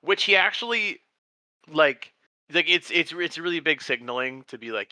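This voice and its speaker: A man co-hosting a casual movie chat, with a very bright, forceful voice. He talks animatedly and leaps up in pitch when he acts out characters. The sound is close and dry. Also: animated, normal speed, no echo. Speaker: podcast co-host.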